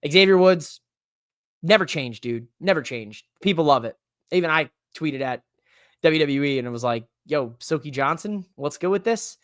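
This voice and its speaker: A man hosting a live-streamed podcast in a casual, excitable, rambling way, with emphatic bursts. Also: a little high, dry recording, clean studio sound. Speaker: podcast host.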